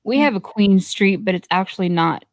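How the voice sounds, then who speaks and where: A woman's voice: mid-range voice, animated, moderate pace, darkish tone, no room sound, studio quality. A woman on a video call, chatting playfully and a bit sleepily in a casual livestream group talk. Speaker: stream guest.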